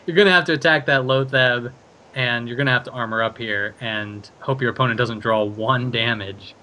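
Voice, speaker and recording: A man's voice: medium pitch, normal speed, sharp tone, a little hiss or hum. A man casting a card game tournament, talking through each play with plenty of thinking-aloud fillers. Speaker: esports caster.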